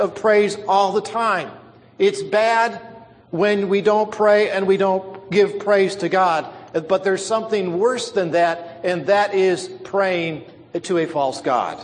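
High-voiced preacher in a reverberant hall. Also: male voice. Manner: emphatic, drawn-out stresses on key words. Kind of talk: sermon.

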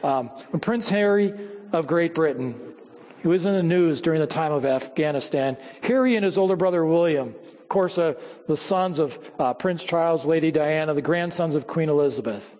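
A man preaching a sermon, telling stories and quoting scripture, often dropping low and quiet for emphasis. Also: normal speed, long reverb tail. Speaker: pastor.

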